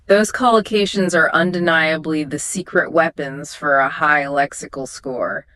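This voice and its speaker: A woman co-hosting a scripted English exam lesson, explaining words and pronunciation in a clear, instructive way. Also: low voice, unhurried, fairly bright tone, no room sound. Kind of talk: scripted two-host lesson dialogue.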